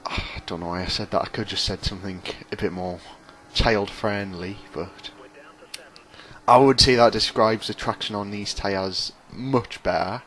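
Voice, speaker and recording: A man's voice: fairly low pitch, steady tone, moderate pace, fairly bright tone. A man commentating over his own racing game, rambling, sarcastic and mocking himself. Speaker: gaming commentator.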